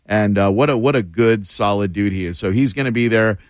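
A man's voice: on the low side, no room sound. A man hosting a radio show, joking with callers and co-host in casual banter from a broadcast booth. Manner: joking, animated, quick impressions.

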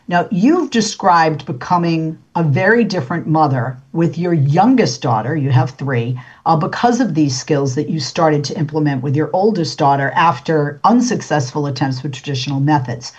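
A woman's voice: low voice, slightly rough. A woman hosting a talk show, chatting casually with a guest and filling her speech with uh and you know. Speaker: radio talk show host. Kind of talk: casual interview chat. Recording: dull lo-fi sound.

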